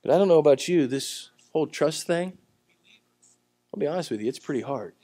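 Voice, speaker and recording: A man preaching a sermon at a church service, telling the story in a conversational way and swinging between loud, emphatic lines and quiet ones. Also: on the high side, expressive, brisk, dry recording. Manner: conversational storytelling with acted-out voices. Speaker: pastor.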